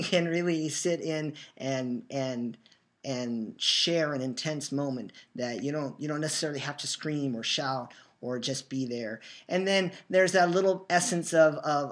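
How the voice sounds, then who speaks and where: A young man hosting a fan show, talking earnestly in a rambling way and restarting his sentences often. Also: medium pitch. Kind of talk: casual fan commentary. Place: new home, just moved in.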